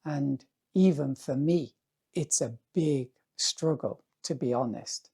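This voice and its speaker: Male artist vlogger, hoarse and rambling; mellow, gravelly tone, unhurried. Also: mid-range voice. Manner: rambling, musing, often asks "yeah?". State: hoarse, voice going dry. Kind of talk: casual talk to camera.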